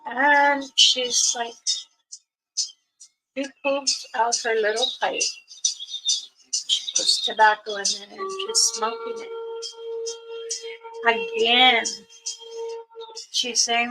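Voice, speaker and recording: A woman elder telling a rambling spiritual story on a livestream, her voice jumping suddenly up in pitch. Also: animated, takes it slowly, long pauses, rough recording. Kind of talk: casual spoken storytelling on a livestream. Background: music.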